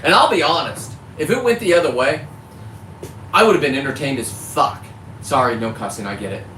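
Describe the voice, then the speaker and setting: A man's voice: on the high side, lively intonation, a little fast, sharp tone. A man from California, a fisherman vlogger, delivering a heated, profane rant to camera and catching himself on his cussing. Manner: heated, profane, self-correcting about cussing. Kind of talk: ranting monologue to camera. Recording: echoey, distant mic with faint background noise.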